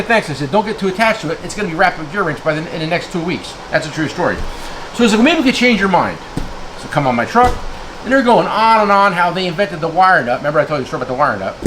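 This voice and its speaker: A man's voice: sits high, noisy background. A man from New Jersey, a tool dealer, ranting heatedly to his viewers in a blunt, name-calling way, checking in with "okay?" again and again. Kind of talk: heated rant to camera.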